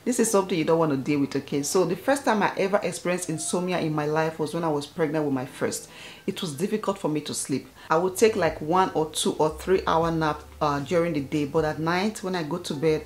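A woman vlogger in her thirties telling a personal story straight to her viewers in an animated, chatty way. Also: low voice, a little fast. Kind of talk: casual talk to camera.

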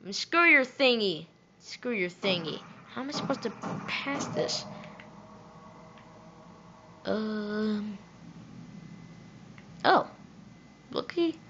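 Excitable woman gamer talking to herself, bright voice that swings widely, muffled recording. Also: medium pitch. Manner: excitable, talks to herself, loud outbursts. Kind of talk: let's play commentary. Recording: dull lo-fi audio.

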